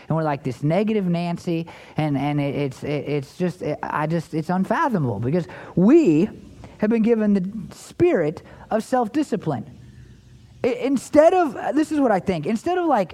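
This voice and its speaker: A man preaching a sermon in an earnest, repetitive way, often restarting phrases and swinging his pitch up and down for emphasis. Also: expressive, moderate pace, darkish tone. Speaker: pastor.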